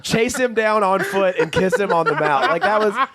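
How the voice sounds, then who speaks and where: A man telling stories in a casual comedic chat on a podcast, laughing often and shouting out quoted lines. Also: high-pitched, animated, moderate pace, a loud crowd.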